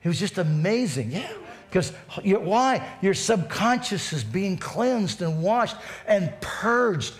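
A male pastor preaching a sermon with fervent energy, dropping to a hush and then rising to shouts. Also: high-pitched, sing-song, slow pace.

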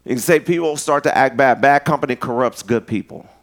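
A man giving a casual storytelling sermon, animated and joking as he talks straight to his listeners. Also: mid-range voice, brisk.

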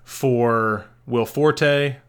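A man's voice: medium pitch, fairly even intonation, drawn-out words, smooth. A man co-hosting a podcast, giving casual, rambling movie recommendations and correcting himself as he goes. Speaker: podcast co-host.

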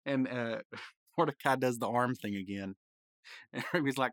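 A man hosting a podcast, casually recapping a cartoon episode, rambling with frequent laughs and quick acted-out lines. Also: medium pitch, steady tone, fairly bright tone, no room sound.

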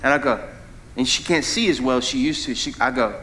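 Animated preacher man, bright voice. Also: a little fast. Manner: animated preaching with sudden rises in pitch and volume, asks the congregation questions. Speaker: founding pastor. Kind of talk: sermon.

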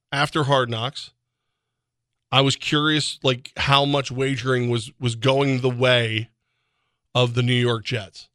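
A man's voice: medium pitch, sharp tone, no room sound. A man co-hosting a sports radio show, talking casually with laughing asides and loose, rambling tangents. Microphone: studio microphone.

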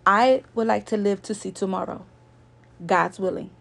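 Woman vlogging a story, gravelly fry in her voice, earnest and preachy, says things twice. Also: mid-range voice, fairly even intonation, normal speed. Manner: earnest, lecturing, repeats points for emphasis. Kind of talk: casual storytelling to viewers.

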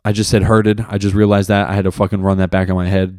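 A man's voice: low-pitched, flat delivery, fast, darkish tone, no room sound, clean studio sound. A young man hosting a solo podcast, talking in a rambling, profane, self-mocking way. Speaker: podcast host. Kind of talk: casual solo podcast monologue.

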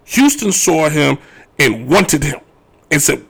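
A man hosting a sports talk radio show, ranting his opinions in an animated, joking way. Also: on the high side, measured pace, creaky, slightly rough.

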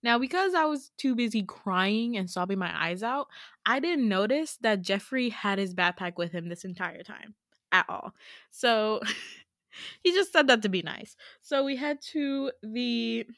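A woman in her twenties, a podcast host, telling a story in a casual, animated way, giggling and swearing freely. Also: on the high side, unhurried, no echo, studio quality.

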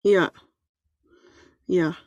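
A woman's voice: extremely slow, a little mellow, no room sound, dull audio. A woman in her thirties, a podcast guest, talking in a chatty, self-deprecating way with many restarts. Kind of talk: casual chat.

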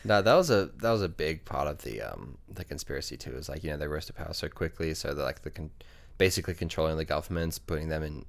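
A man's voice: extremely low pitch, quick pace, vocal fry, hardly any pauses. A man co-hosting a podcast in casual chat, joking and laughing often. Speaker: podcast co-host.

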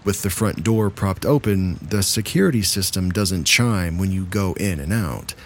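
Male story narrator, thirties, low voice, easygoing delivery. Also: normal speed, slight background noise. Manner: relaxed and chatty when speaking to listeners. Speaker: narrator of scary stories. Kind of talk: reading submitted stories aloud.

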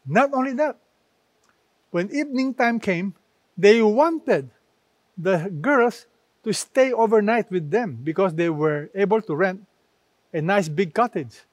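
A man delivers a sermon in an unhurried, emphatic way, leaning on repetition as he quotes scripture. His voice sits a little high for a man. The sound is dry and close. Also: lively intonation, no room sound. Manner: slow, emphatic preaching with repeated phrases. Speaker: preacher.

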